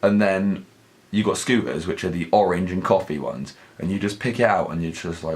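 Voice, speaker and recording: Young man, deep voice, swearing, rambling storytelling, casual vlog. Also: moderate pace, darkish tone. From southern England. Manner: crude, sweary, rambling comic monologue. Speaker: vlog host.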